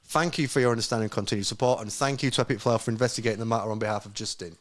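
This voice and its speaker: A man's voice: fairly low pitch, fairly even intonation, rapid-fire. Man stumbling through a reading. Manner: stumbling reading aloud, laughing at himself. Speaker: podcast co-host. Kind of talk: casual podcast chat, reading a statement aloud.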